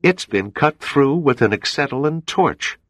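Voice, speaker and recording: A man voicing a young male navy ensign who shouts hoarsely over a storm. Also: medium pitch, animated, normal speed, no echo, pitched above the performer's own voice. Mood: aghast.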